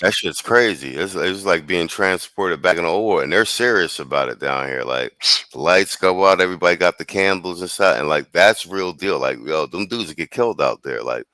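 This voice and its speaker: A man hosting a casual live-streamed podcast, telling a story in animated, slangy talk with frequent laughs and restarts. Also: low voice, moderate pace, dry recording. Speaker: podcast host.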